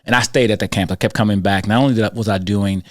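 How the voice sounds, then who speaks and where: A man with a fairly low voice tells school stories on a podcast, animated and conversational. He slips in and out of quoted voices as he goes. The sound is dry and close, with little room around him. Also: quick pace, no echo. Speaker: podcast host and school character-education speaker. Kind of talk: conversational storytelling.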